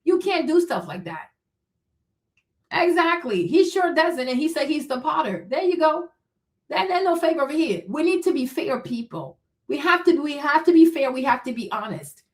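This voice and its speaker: A woman's voice: high-pitched, expressive, normal speed. A woman hosting a livestream, giving heated, blunt, profane commentary and talking back to her chat. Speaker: livestream host.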